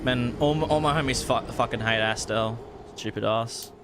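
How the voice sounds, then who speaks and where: A man's voice: mid-range voice, normal speed, noisy background. A man bantering crudely with friends while playing a game, full of restarts and swearing. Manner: crude, joking, trailing restarts. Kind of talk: casual gaming banter.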